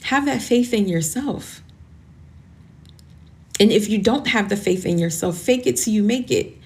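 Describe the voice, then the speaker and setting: A woman's voice: medium pitch, animated, measured pace, a little mellow. Earnest, encouraging woman podcast host. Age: 40s. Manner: earnest, encouraging, calls listeners honey. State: tearful, emotional. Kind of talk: motivational podcast monologue.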